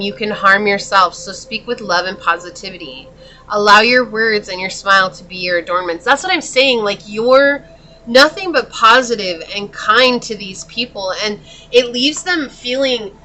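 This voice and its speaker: A woman's voice: mid-range voice, bright, forceful tone, a little hiss or hum, rough recording. A woman giving a tarot reading in a chatty, casual way, talking straight to the viewer and laughing often. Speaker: tarot reader.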